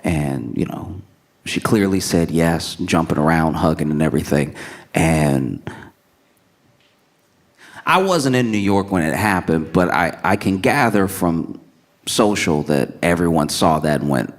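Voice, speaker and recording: A male stand-up comedian telling a story in an animated way, laughing as he acts out scenes. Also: low-pitched, measured pace.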